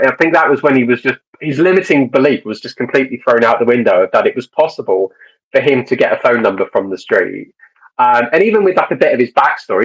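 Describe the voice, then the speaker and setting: Casual dating coach, young man, husky voice, rambling storyteller. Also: mid-range voice, rough recording. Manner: rambling, many restarts and fillers.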